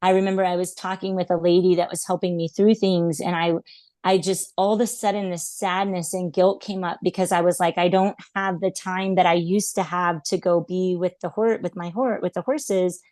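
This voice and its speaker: A woman in her thirties, a podcast guest who works as an animal intuitive, tells a personal story at normal speed in a fairly low voice. She comes across as relaxed, earnest and reflective, with many "um"s and "like"s, in a casual storytelling interview. The sound is close and dry, with no room sound or echo.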